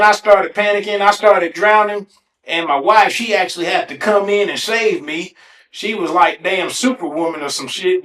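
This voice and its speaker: A man hosting a podcast alone, telling funny stories in a casual, animated way and swearing freely. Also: sits high. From Ohio, USA. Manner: animated, swears casually, breaks into exaggerated self-mocking. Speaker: podcast host. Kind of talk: casual solo storytelling. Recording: echoey room.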